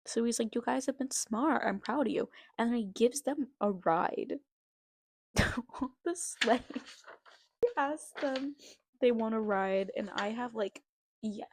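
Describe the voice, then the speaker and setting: A young woman vlogger reading an old story aloud with amused, self-mocking commentary. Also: on the high side.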